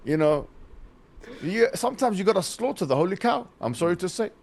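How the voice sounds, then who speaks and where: A man with a high voice argues on a podcast, talking in a lively, mocking way. He laughs as he goes and mimics the people he is criticizing. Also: brisk, vocal fry. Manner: mocking, mimics opponents, laughs while arguing. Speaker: debater guest. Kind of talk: animated podcast argument.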